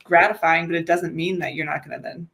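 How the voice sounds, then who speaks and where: A woman co-hosting a podcast, chatting casually in an animated way and laughing often. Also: fairly low pitch, fast. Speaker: podcast co-host.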